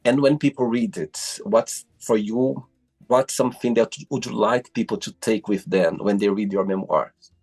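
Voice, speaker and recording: A man from Brazil hosting a casual interview over a video call, effusive and quick to exclaim. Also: lowish voice, darkish tone, slightly rough, soft background music. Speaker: host.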